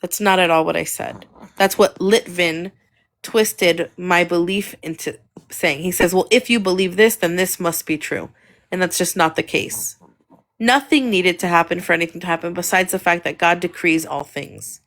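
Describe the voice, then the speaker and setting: A woman's voice: fairly low pitch, normal speed, a bit bright. A woman guest on a livestream, earnestly explaining and defending her views at length.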